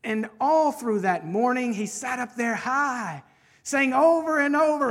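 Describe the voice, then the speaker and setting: A woman preacher reading a rhyming children's story aloud with expressive rhythm, then turning to a sermon point. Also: high-pitched, a little slow.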